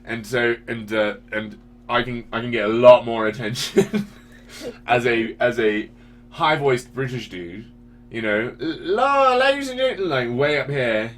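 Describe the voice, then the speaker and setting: A man, a parent, talking casually as host of his own commentary stream, animated and often restarting his sentences. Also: medium pitch, a little slow. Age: adult parent. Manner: animated, self-interrupting, frequent restarts.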